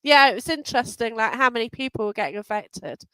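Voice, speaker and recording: A woman's voice: fairly high pitch, animated, fast, sharp tone, clean tone, no echo, low-quality recording. A woman hosting a casual live chat, a medium who talks in a rambling way with many fillers over a video call. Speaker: host and medium.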